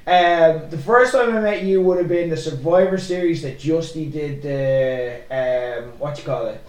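High-voiced man telling stories animatedly. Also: normal speed. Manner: animated storytelling, laughing often, swears freely. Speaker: podcast co-host. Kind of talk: casual chat. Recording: roomy echoey room.

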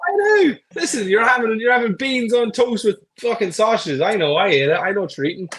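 A man's voice: sits high, fast, fairly bright tone, husky. A man co-hosting a casual podcast as a fitness coach, talking bluntly and jokingly about diet. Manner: blunt, jokey, puts on voices for quoted people. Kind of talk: casual chat.

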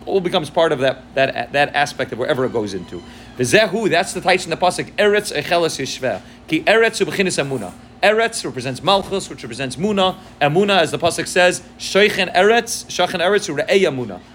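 A man's voice: a little high, lively intonation, quick pace, a bit bright, slight background noise. A man giving a Torah class, explaining texts line by line and mixing Hebrew and Yiddish terms into English, often checking in with "right?". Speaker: Torah teacher.

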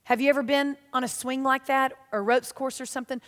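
A woman giving a sermon, telling stories in a lively, self-mocking way. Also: high-pitched, brisk. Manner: animated, self-mocking storytelling. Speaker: church speaker. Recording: long reverb of a large hall.

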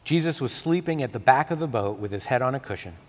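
A male pastor delivering a sermon, swinging from emphatic peaks to soft, intimate tones. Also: medium pitch, animated, quick pace. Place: church sanctuary. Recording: long hall reverb.

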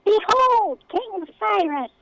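A woman voicing a pompous, whiny male kangaroo rat king, speaking slowly and haughtily in a squeaky voice. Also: expressive, creaky, a bit bright, a little hiss or hum, full character voice, low-quality recording. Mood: grand. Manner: slow, drawn-out, haughty.

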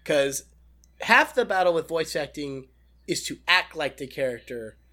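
Bright-voiced, animated young man. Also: fairly high pitch, measured pace. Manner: animated, enthusiastic storytelling. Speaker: guest voice impressionist. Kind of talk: casual interview answers.

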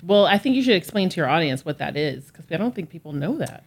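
A woman in her forties, a guest on a podcast, chiming in with quick reactions and exclamations. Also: sits low, big pitch swings, gravelly, breathy edge. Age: 40s. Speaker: guest, life coach. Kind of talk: casual chat.

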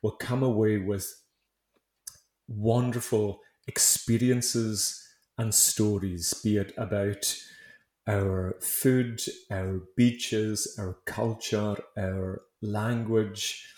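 Chatty Hebridean Scottish man, low voice. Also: steady tone, very slow, darkish tone, reverberant. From Isle of Lewis, Outer Hebrides, Scotland. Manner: friendly, chatty, with light laughs. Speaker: guest baker and author. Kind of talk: casual interview chat.

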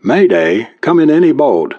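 A man voicing a tense young man on a boat who is trying hard to sound calm and steady. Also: fairly high pitch, normal speed, voice pushed up. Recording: muffled lo-fi recording.

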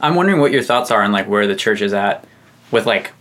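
A low-voiced man asks curious questions on a casual podcast. His humor is wry and a little irreverent. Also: animated, quick pace, a bit bright.

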